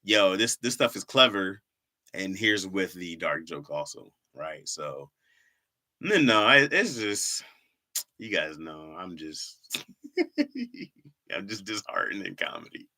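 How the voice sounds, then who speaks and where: Animated comedian chatting with his live-stream viewers. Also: low-pitched, takes it slowly, long pauses. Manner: animated, laughing, reads comments aloud. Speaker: streamer reading chat. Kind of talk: casual live-stream chat.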